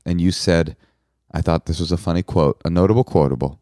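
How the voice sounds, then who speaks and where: A man with a fairly low voice co-hosting a comedic podcast, joking around and slipping into playful mock voices. The sound is bone-dry and close, with no room around it. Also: brisk, no echo. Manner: animated, jokey, mock voices. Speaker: podcast co-host. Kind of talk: casual comedic chat.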